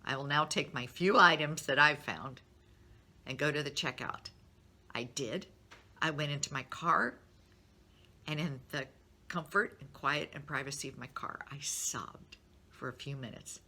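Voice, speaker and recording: A woman's voice: low voice, bright, forceful tone. A middle-aged woman speaking to her business network in a candid, encouraging way, openly sharing her feelings. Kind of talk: personal talk to a business network.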